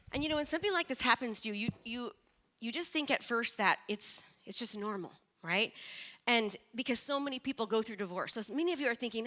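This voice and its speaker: A middle-aged woman giving a live motivational speech on stage, energetic and chatty, asking the audience questions. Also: fairly high pitch, fast. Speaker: motivational speaker.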